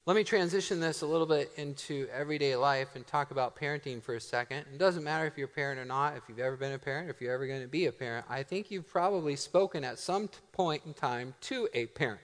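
A middle-aged man preaching a sermon as pastor, animated and joking, laughing often and slowing down to stress key phrases. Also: a little high. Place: church sanctuary. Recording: long hall reverb.

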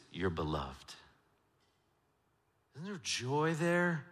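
Male pastor, bright and forceful, preaching in a church with a long echo, dropping from emphatic to hushed. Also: medium pitch, big pitch swings, very slow, pauses often. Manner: swings from loud emphatic to hushed intimate. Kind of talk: sermon. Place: church sanctuary. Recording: church sanctuary with long reverb.

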